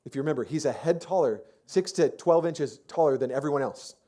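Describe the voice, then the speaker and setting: A man's voice: fairly high pitch, fairly quick, dark tone. A man preaching a sermon as pastor, telling the story in a casual, chatty way with lots of fillers and restarts. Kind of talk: conversational sermon.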